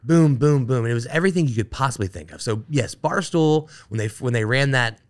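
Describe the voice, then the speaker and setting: A man's voice: mid-range voice, brisk. Male podcast guest, conversational storyteller, medium voice, loose and filler-heavy. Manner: animated, full of fillers like "like" and "you know". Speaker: podcast guest, Army veteran. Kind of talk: casual storytelling interview.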